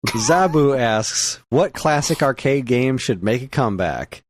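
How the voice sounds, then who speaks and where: A man co-hosting a gaming podcast in relaxed casual chat, reading out listener questions. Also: mid-range voice, measured pace, dry recording, studio quality. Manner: easygoing, reads listener questions aloud. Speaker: podcast co-host.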